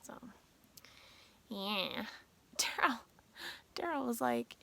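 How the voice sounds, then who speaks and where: A woman's voice: fairly high pitch, very animated, very slow, vocal fry, fairly bright tone. A woman vlogger in casual, chatty talk to her viewers, giggling through her stories. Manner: chatty, drawling, giggly asides. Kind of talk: casual chat.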